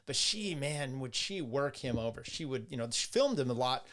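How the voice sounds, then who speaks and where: A man's voice: mid-range voice, lively intonation, normal speed, a bit bright. A man hosting a casual solo livestream, rambling with restarts, crude asides and laughs at his own remarks. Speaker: host.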